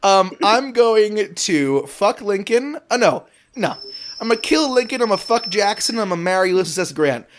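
A man's voice: high-pitched, animated, moderate pace, slight background noise. A man co-hosting a comedy podcast, rambling through absurd bits in a playful, joking way. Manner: rambling, playful, slips into silly voices. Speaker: podcast co-host.

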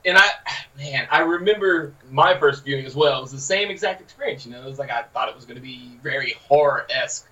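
A man co-hosting a casual podcast, telling anecdotes in an animated way. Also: mid-range voice, fast talker, recorded from a distance, highs cut off. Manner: animated storyteller. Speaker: podcast co-host.

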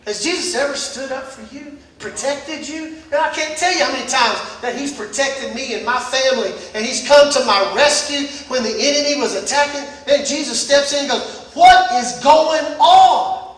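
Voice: high voice, normal speed, few pauses, recorded from a distance. Emphatic preacher in an echoey church. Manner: emphatic, builds to shouting, repeats phrases. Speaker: pastor. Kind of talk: sermon. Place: church service.

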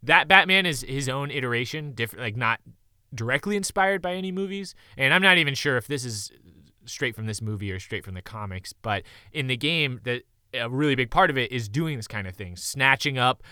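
A man in casual conversation about a movie, animated and quick to laugh. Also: medium pitch, clean tone, no room sound, studio quality.

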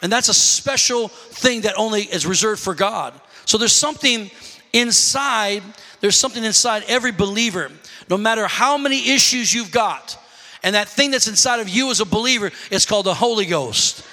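A man's voice: sits high, moderate pace, bright, forceful tone, big-room sound. A man preaching a sermon, telling stories animatedly and calling out to his congregation. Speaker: pastor.

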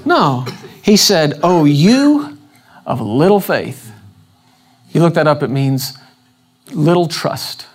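A man's voice: on the high side, big pitch swings, slow, pauses often. A man preaching an evening church sermon in a casual, conversational way. He keeps asking the congregation questions and acts out the scripture quotes with shifting emphasis. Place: church service before a congregation.

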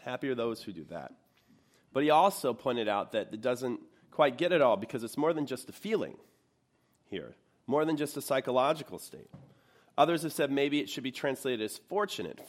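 A pastor giving a sermon in a church, his voice sitting at an ordinary middle pitch for a man. He talks to the congregation in a relaxed, conversational way and often stops to ask them questions.

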